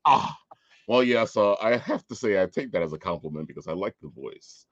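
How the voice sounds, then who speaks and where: Guy hosting a chat show, lively voice, stammers a bit, dry lo-fi sound. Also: on the low side, a little fast, dry recording. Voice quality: playful, stammering, laughs often. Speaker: host. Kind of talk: casual chat.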